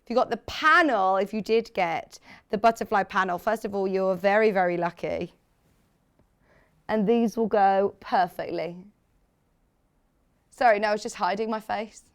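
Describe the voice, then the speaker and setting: Brief: woman TV shopping presenter, enthusiastic and chatty, banters with crew, mid pitch. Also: normal speed, pauses often, clear, resonant tone. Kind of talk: live TV sales presentation.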